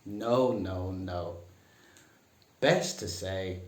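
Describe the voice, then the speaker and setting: A man teaching a comic lesson, dry and mock-serious, putting on higher voices for the phrases he quotes. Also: extremely slow. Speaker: English teacher. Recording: echoey room.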